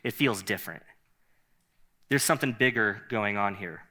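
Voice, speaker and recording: A man preaching a sermon in a conversational, animated way, often laughing and repeating himself. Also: on the low side, normal speed. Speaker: pastor.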